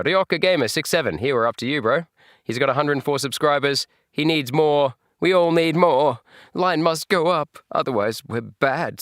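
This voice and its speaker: An Australian man chatting on a live reaction stream, jokey and animated and laughing often. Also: fairly low pitch, dry recording, clean studio sound.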